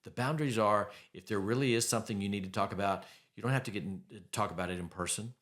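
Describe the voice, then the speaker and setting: A man's voice: lowish voice, fast, fairly bright tone. Blunt, emphatic man host. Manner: blunt, emphatic, repeats key phrases. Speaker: podcast host. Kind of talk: faith-based advice podcast monologue.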